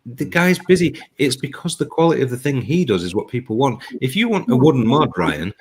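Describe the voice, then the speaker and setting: Host, man, mid pitch, animated delivery, swears freely, ribs his guests. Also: a little fast, husky. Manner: sweary, blunt, teasing banter. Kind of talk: casual chat on a live stream show.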